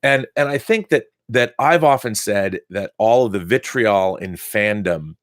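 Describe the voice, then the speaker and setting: A man with a lowish voice hosts a casual live-stream monologue and wanders enthusiastically from one thought to the next. His sound is dry and close, with no room around it. He talks like an excited storyteller. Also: unhurried, no echo.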